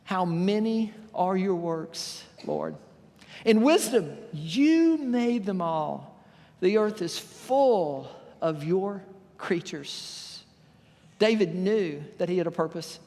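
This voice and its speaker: High-voiced pastor preaching in a reverberant hall. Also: male voice, darkish tone. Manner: storytelling with folksy asides, acting out voices. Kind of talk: sermon. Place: church sanctuary.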